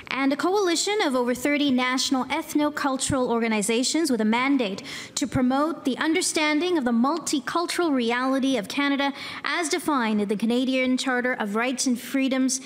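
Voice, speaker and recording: A woman co-hosting an awards gala, reading a clear scripted introduction. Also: high-pitched. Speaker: co-host. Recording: echoey hall.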